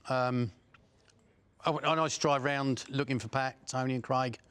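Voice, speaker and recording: A man's voice: mid-range voice, steady tone, moderate pace, a bit bright, clear, resonant tone. A man, speaking bluntly in an interview and recounting his past with frequent fillers.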